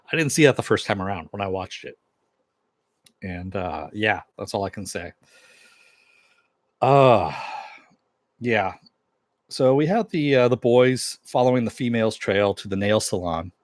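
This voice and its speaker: A TV episode reviewer recaps an episode in a casual, rambling monologue, retelling scenes through quoted dialogue and plenty of swearing. His lowish voice is animated, at normal speed with long pauses, and the recording has no echo.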